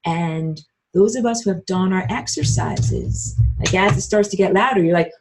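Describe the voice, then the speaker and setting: A woman's voice: medium pitch, moderate pace. Emphatic woman giving a casual spiritual lecture. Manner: emphatic and blunt, swearing, filler-heavy "like". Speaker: spiritual teacher. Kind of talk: casual online lecture while drawing.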